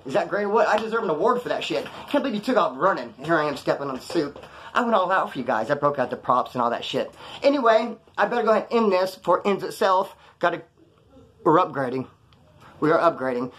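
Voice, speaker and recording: A man with a fairly high voice rattles off a story at speed. He talks in heavy street slang and swears freely. He slips into quick acted-out bits of other people's lines as he goes. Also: fairly bright tone. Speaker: vlogger telling prison stories. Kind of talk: casual storytelling monologue.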